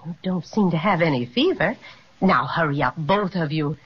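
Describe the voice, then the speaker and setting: Fussy mom, breathy, lots of ups and downs, old dull radio tape. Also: female voice, deep voice, animated, normal speed, exaggerated voice. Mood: fussing. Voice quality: fussing, motherly. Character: fussing caring mother. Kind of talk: 1930s radio acting. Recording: muffled 1930s radio recording.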